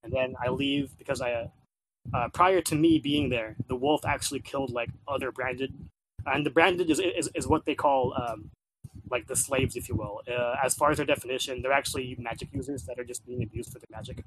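In casual chat about a game he's been playing, a man speaks briskly but rambles, full of fillers and repeated words as he keeps restarting sentences. His pitch is middling, with a faint hiss behind him.

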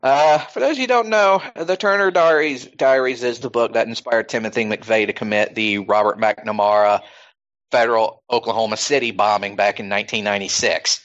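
A man's voice: on the low side, moderate pace, a bit bright, lo-fi sound. A man hosting a podcast in casual chat, rambling with plenty of fillers. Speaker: podcast host.

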